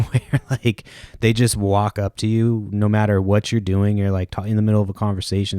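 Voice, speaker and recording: Podcast host, male, low mellow voice, dry close sound, loose profane rambling delivery. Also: dry recording. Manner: casual, profane, rambling with many fillers. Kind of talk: rambling solo podcast talk.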